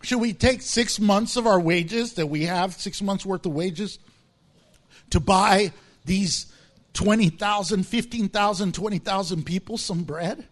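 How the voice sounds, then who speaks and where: A man with a notably high voice preaching in a lively, humorous way. He acts out the people in his stories, swinging his voice up and down, and laughs often. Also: unhurried. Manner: animated, acts out voices with big pitch swings. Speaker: pastor. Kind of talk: sermon.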